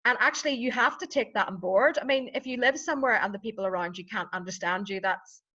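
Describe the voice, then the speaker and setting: A woman's voice: mid-range voice, quick pace, sharp tone, muffled recording. A woman with a Northern Irish accent, a vocal coach telling anecdotes and explaining things in casual podcast chat. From Northern Ireland.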